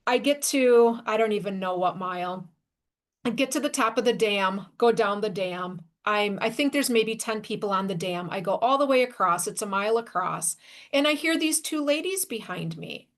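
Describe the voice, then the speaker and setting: A woman podcast host telling a self-deprecating story about her first trail race in a lively, conversational way. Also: medium pitch, moderate pace. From Wisconsin, USA. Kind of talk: casual storytelling.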